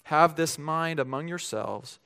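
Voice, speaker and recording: A man's voice: on the high side, measured pace, vocal fry, fairly bright tone. A middle-aged male pastor giving a conversational sermon, telling stories with frequent restarts and asides.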